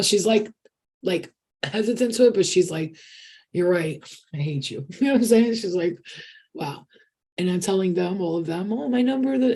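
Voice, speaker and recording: A woman reading tarot and channeling, telling stories in a casual, excitable livestream chat with lots of swearing. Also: medium pitch, slightly rough. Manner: excitable storytelling with frequent swearing.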